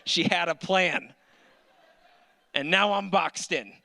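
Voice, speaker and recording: A man's voice: sits high, slow pace, gravelly, pushed and bright. A man in his thirties doing a stand-up set on a club stage, telling dry, self-mocking stories into a handheld mic. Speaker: stand-up comedian.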